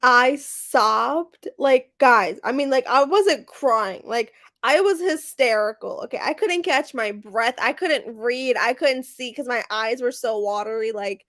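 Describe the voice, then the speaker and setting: A young woman guesting on a book chat livestream, retelling her reactions in a dramatic, expressive way. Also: fairly high pitch, measured pace, hardly any pauses.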